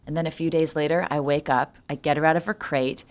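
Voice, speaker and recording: A woman's voice: sits low, fairly even intonation, fairly quick. A young adult woman from Canada hosting a solo podcast, talking in a sarcastic, jokey way and swearing freely. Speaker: podcast host.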